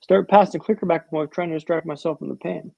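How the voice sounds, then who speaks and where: Male interview guest, raised pitch, gravelly, dramatic storyteller with a humorous streak, dull lo-fi line. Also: fairly even intonation, quick pace, a little mellow, no echo. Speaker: podcast guest.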